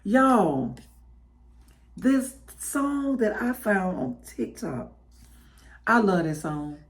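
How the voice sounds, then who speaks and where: Animated Southern woman podcast host. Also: mid-range voice, drawn-out words. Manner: animated, laughing, preacherly. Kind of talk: casual chat with listeners.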